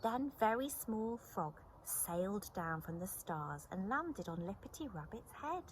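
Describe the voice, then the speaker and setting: A woman telling a children's story, expressive and animated, slipping into soft whispers. She takes it slowly and lets her voice rise and fall widely. A faint hiss of noise runs underneath. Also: medium pitch, rough recording. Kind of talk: storybook reading.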